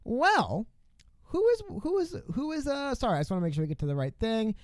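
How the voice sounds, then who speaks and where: A man co-hosting a casual political podcast, talking quickly with sarcastic asides. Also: very high-pitched, huge pitch swings, no room sound. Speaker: podcast co-host.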